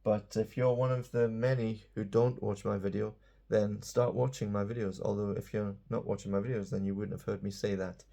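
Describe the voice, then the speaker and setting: A man's voice: fairly low pitch, steady tone, normal speed, vocal fry, warm tone. A man giving a casual, playful English lesson, chatty and self-mocking. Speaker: English teacher.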